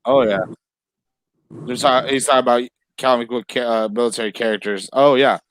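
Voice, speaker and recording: A man's voice: medium pitch, steady tone, a little fast, fairly bright tone, a little hiss or hum. A man hosting a casual video-call chat, rambling and laughing easily. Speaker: host.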